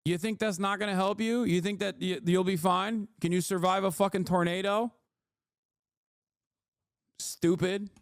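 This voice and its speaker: A man's voice: sits high, fairly even intonation, unhurried, pauses often, dry recording, clean studio sound. A man livestreaming a reaction to news, ranting angrily with heavy swearing and mocking jabs at his critics. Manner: heated, profane, mocking. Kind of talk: angry political rant.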